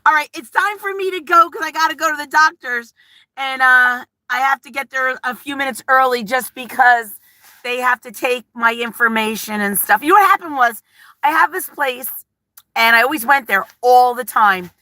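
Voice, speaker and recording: Chatty woman streamer, nervous and emotional, rambles between viewer comments; bright edge to the voice. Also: sits high, normal speed, dry recording. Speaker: livestream vlogger. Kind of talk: casual live-chat talk.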